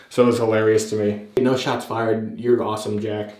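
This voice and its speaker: A man's voice: lowish voice, little pitch movement, moderate pace, a little mellow. A man hosting a casual vlog, rambling and self-deprecating while he trims his beard. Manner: rambling, self-deprecating, lots of fillers and restarts. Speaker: host. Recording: roomy echo.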